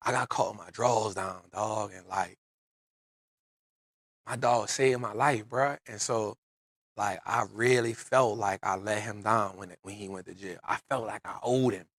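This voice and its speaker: A man's voice: fairly low pitch, fairly even intonation, unhurried, fairly bright tone, husky, no room sound, studio quality. A man hosting a podcast, telling an emotional personal story in casual street slang. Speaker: podcast host. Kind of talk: casual chat.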